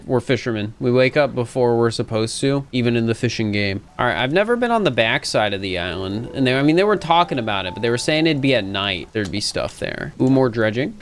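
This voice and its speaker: A man's voice: mid-range voice, expressive, fairly quick, hardly any pauses, slight background noise. Man, casual let's play commentary, playful and self-mocking, mid-range voice. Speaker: gaming video creator.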